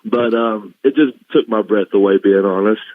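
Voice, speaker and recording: A man from the American South, with a fairly low voice at normal speed, is a guest telling family stories in casual chat. He tells them emotionally and laughs often, and the line is dull and lo-fi with no echo.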